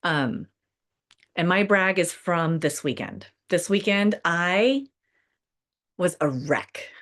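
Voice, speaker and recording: A middle-aged woman hosting a casual podcast conversation, chatty and laughing often, full of fillers. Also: fairly low pitch. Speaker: podcast host.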